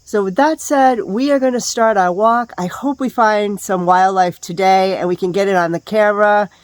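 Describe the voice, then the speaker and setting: A woman's voice: mid-range voice, normal speed, no room sound. Woman, hiking vlog host, chatty, candid, outdoors, dry. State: out of breath on the climb. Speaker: hiking vlogger. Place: outdoors on a wooded hiking trail.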